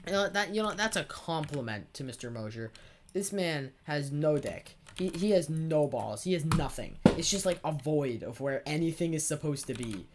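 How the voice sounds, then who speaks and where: Against a noisy background, a teenage boy hosts a gaming video, sounding animated at a moderate pace in a male voice on the high side. He tells a sarcastic, rambling story laced with swearing while playing.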